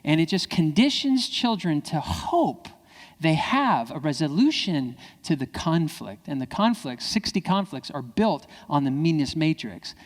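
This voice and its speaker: A man giving an animated, playful keynote talk, acting out family dialogue in other voices. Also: unhurried. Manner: playful, jumps into high voices when quoting kids. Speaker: keynote speaker. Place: civic center hall. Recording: long reverb of a large hall.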